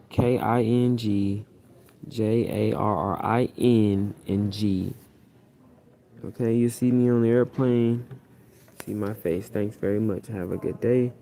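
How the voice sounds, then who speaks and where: A man's voice: medium pitch, warm tone. A man preaching in a rambling live stream from a plane, often checking that listeners follow him. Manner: repetitive, keeps asking "you see what I'm saying". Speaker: self-styled high priest preaching online. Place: airplane cabin.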